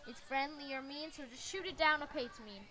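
A woman's voice: sits high, brisk, pushed and bright. A woman giving playful, goofy commentary while playing a shooting game, shrieking at the action and muttering to herself in between. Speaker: gameplay commentator.

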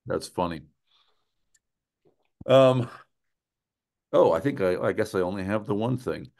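A man's voice: fairly low pitch, a little slow, vocal fry. A man presenting a writing workshop in a conversational lecture style, often checking in with his listeners. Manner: animated, often checks in with "right?" and "okay?".

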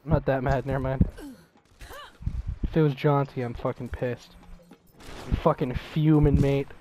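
A man chatting casually while playing a game, cursing a lot and trash-talking with excitable swings. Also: medium pitch, moderate pace, lo-fi sound, a little hiss or hum. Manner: profane, excitable trash talk. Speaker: gamer. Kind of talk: casual gaming chat.

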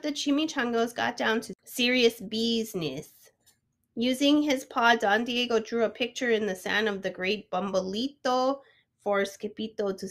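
A woman reading a children's picture book aloud, expressive, sometimes stopping to ask the listening child a question. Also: a little high. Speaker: storyteller. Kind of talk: children's storybook read-aloud.

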